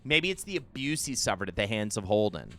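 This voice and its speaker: Bright, animated male game streamer. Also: on the low side, fairly quick. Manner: animated, self-mocking banter. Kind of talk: live gameplay commentary.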